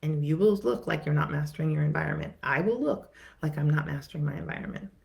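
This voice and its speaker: A middle-aged woman therapist talks viewers through a lesson in a lowish, gravelly voice. She speaks conversationally, repeats and restarts her words, and briefly acts out what her clients say. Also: fast, a little mellow. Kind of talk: teaching talk to viewers.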